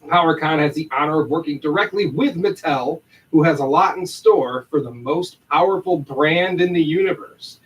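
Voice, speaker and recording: A man's voice: on the high side, moderate pace, hardly any pauses, recorded from a distance, dull audio. A man co-hosting a podcast livestream, reading an upbeat announcement and then chatting and laughing loosely. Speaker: podcast co-host.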